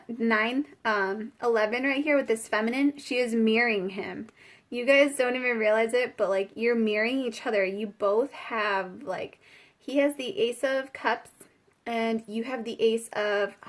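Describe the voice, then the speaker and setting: A woman giving a casual spiritual tarot reading, chatty and giggly, with many fillers. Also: on the high side. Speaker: tarot reader.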